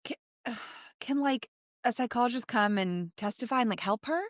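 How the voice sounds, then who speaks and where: A woman's voice: on the high side, moderate pace, no room sound, clean studio sound. A woman co-hosting a podcast who reacts with sarcastic, incredulous remarks in casual chat. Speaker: podcast co-host.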